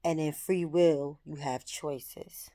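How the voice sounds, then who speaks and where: Soft-spoken and frank, a woman reflects on her own spiritual life in a vlog, her slightly low voice steady in tone. She takes her time, moving very slowly and leaving gaps between thoughts.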